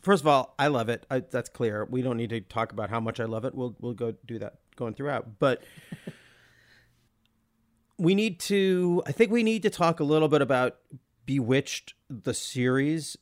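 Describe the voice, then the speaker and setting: A man's voice: medium pitch, expressive, unhurried. A man co-hosting a podcast, chatting casually and enthusiastically about a film, often laughing. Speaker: podcast co-host.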